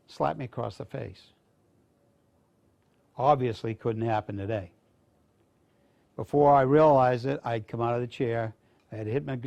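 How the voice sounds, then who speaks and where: A veteran from Maine, USA, an older man, speaks to students in a rambling, casual way, spinning folksy anecdotes with restarts. His mid-range voice has a darkish tone and vocal fry.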